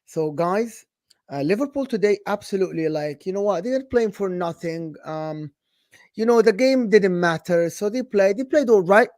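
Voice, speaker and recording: A young man with an Egyptian accent hosting casual football talk, animated and sarcastic, slipping into Arabic phrases. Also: high voice, moderate pace, no echo, clean studio sound. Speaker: football channel host.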